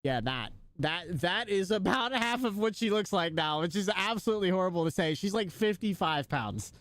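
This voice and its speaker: A man's voice: high voice, expressive, moderate pace, a bit bright, no echo. A man live streaming, chatting casually and joking with his viewers, laughing often.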